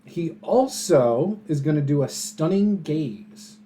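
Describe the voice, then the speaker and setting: A man's voice: on the high side, animated, slow, warm tone, slight background noise. Casual man running a tabletop game. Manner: casual, chuckling, lots of fillers. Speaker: game master.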